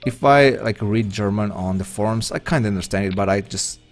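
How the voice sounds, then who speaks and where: Streaming an online poker game, a man with a fairly low voice chats loosely with viewers at a brisk pace, with faint music behind him. His live-stream talk while playing is rambling and self-deprecating.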